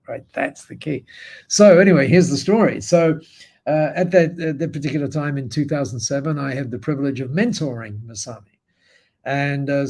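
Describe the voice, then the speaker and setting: An Australian man, a podcast guest, telling a story in an animated way with frequent restarts and tag questions. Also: medium pitch, gravelly. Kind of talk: storytelling in an interview.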